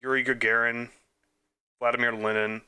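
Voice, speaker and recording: A man's voice: medium pitch, little pitch movement, normal speed, bright, forceful tone, smooth. A young man casually thinking aloud as he plays trivia quizzes, muttering answers and making self-deprecating, chatty asides. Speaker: quiz game let's player.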